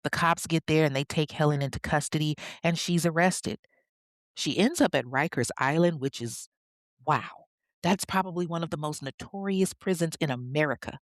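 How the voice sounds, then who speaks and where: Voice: mid-range voice, expressive, normal speed, dry recording, clean studio sound. A podcast host narrating a true-crime story in a chatty way, with conversational asides.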